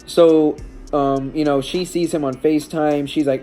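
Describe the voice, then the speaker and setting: Faint music plays behind a man whose voice is a little high, steady, and dark as he speaks unhurriedly. A stepdad in a casual vlog, he shares a personal story in a shaken, emotional ramble laced with restarts and fillers.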